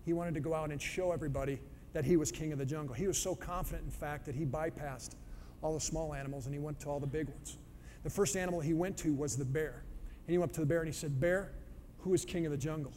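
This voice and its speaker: Man, motivational speaker, mellow voice, punchy storyteller, reverberant hall. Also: a little high, fairly even intonation, fast. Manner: storytelling, punchy emphatic delivery. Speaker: speaker on leadership. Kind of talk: motivational talk with fable. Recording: long hall reverb, faint background noise.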